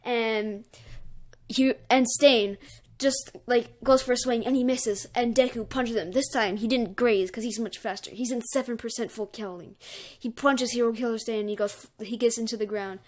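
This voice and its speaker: Woman, improvised fan story narration, rambling, filler-heavy, somewhat high voice. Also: steady tone, moderate pace.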